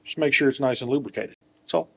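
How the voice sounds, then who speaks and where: A man's voice: mid-range voice, fast talker, vocal fry, a bit bright, breathy edge. A man working as a motorcycle technician, talking through a wheel install in a workshop with joking, self-deprecating asides. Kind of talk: casual how-to tutorial.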